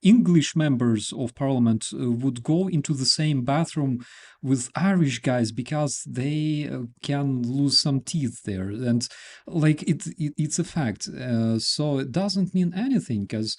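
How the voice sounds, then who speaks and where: Halting man hosting with a Ukrainian accent. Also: medium pitch, a little mellow. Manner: halting, filler-heavy speech with many "uh" and "like". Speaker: stream host. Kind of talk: casual video chat.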